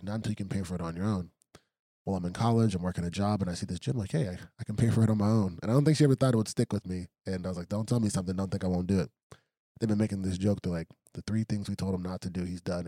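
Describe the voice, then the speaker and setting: A young man tells stories at a quick clip in a casual interview, his low voice dark and mellow. He slips into lively acted-out quotes as he goes. The sound is dry and close. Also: no echo. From United States, raised by Congolese immigrant parents. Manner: animated storyteller acting out quotes. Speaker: professional fighter, interview guest.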